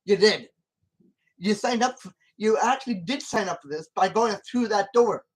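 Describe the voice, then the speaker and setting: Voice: mid-range voice, moderate pace, rough recording. A channel host giving casual commentary on a film, rambling and repeating points with many restarts and arguing emphatically with the character.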